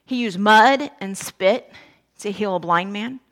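A woman preacher giving a sermon in a conversational, animated storytelling way with casual asides. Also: mid-range voice, a little slow.

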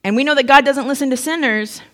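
Woman preacher, slightly high voice, chatty storytelling sermon that acts out the characters' lines. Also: fast talker, a bit bright. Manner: conversational storytelling, acting out quoted voices.

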